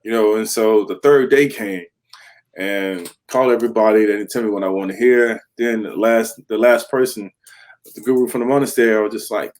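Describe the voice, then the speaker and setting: A man's voice: on the low side, fairly quick. A man in his thirties, an interview guest and former pro football player, telling his story candidly and acting out the voices in it. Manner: animated storyteller who acts out quoted voices and laughs.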